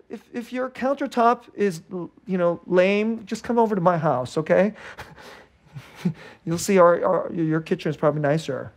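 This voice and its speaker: High-voiced man preaching conversationally. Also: animated, moderate pace. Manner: conversational preaching, swinging between bright and hushed; laughs between phrases. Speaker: pastor. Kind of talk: sermon.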